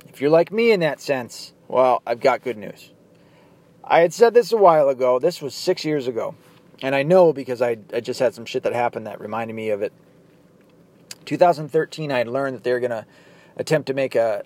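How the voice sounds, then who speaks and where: A man's voice: medium pitch, brisk, a little mellow. A man hosting his own podcast, ranting angrily and profanely, firing off rhetorical questions. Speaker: podcast host. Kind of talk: angry political rant.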